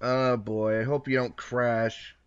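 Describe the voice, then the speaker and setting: Casual male card game host, mid-range voice, teasing and explanatory, slightly muffled low-fi recording. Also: level tone, takes it slowly, clean tone. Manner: explains each move, playful taunts, frequent self-corrections. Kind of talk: casual commentary while playing an online card game.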